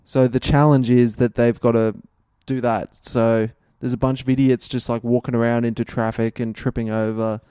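Mellow deadpan young man. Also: mid-range voice, moderate pace, hardly any pauses, smooth, dry recording. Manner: dry, deadpan teasing. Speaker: podcast co-host. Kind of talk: casual comedic chat. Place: indoors, in the same room as his co-host.

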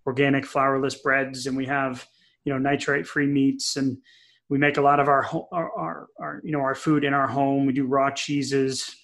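Middle-aged male podcast co-host, chatty storyteller, mid pitch, lots of ums. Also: moderate pace, gravelly. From New England. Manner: chatty, animated storyteller with many fillers. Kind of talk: casual podcast chat, storytelling.

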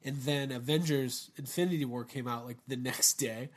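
A man hosting a casual podcast chat, jokey and animated, laughing at his own jokes. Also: medium pitch, normal speed. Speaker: podcast host.

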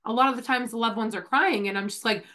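A woman's voice: a little high, fast, sharp tone. A woman hosting a podcast in casual chat, talking with lots of filler words while coming down with a cold. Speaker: podcast host.

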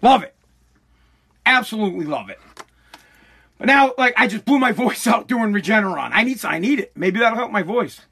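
A man in his forties hosting a solo podcast, ranting in an excitable, profane and rambling way. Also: high-pitched, normal speed, long pauses, slightly rough. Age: 40s. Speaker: podcast host.

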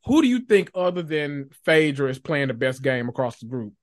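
A podcast host in casual pop culture chat, sassy and animated, swearing and laughing often. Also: mid-range voice, normal speed, dry recording, clean studio sound.

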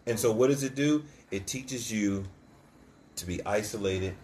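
A man co-hosting a casual faith chat, telling stories with animated quoted voices and frequent laughs. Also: lowish voice, a little slow, slight background noise. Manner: storytelling, animated, acts out quotes, laughs often. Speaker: co-host of a church podcast.

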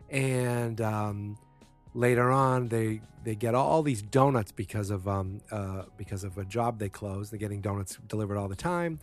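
A man with a somewhat low voice talks through a TV episode in a loose, rambling way. He stacks up fillers, corrects himself mid-sentence and drops blunt opinions without holding back. Faint music sits underneath his voice. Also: moderate pace. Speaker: TV episode recapper. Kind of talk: casual spoken recap.

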